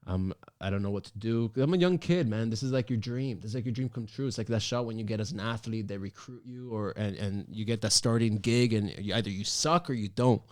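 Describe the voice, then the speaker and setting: Man telling a story with animated emphasis. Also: on the low side, fairly quick, few pauses. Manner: animated, emphatic, many restarts and fillers. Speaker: podcast host. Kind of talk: casual storytelling.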